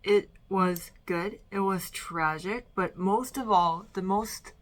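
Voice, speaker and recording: Speaking slowly in a mid-range voice, a young vlogger chats from her bedroom about how she ranks the movies she's seen. She's slightly breathless and rambling, full of fillers and restarts that trail off.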